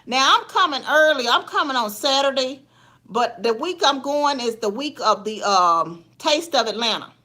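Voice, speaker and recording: A woman's voice: high voice, animated, normal speed, bright, forceful tone. Chatty woman livestreaming. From Memphis area, USA. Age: middle-aged. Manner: chatty, folksy, laughs often, addresses viewers as y'all. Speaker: livestream host. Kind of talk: casual live chat with viewers.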